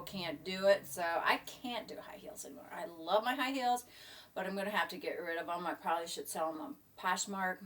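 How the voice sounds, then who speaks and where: A woman's voice: fairly low pitch, a bit bright, recorded from a distance. A middle-aged woman chatting casually in her home kitchen, rambling and trailing off into asides. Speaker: vlogger. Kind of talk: casual chat.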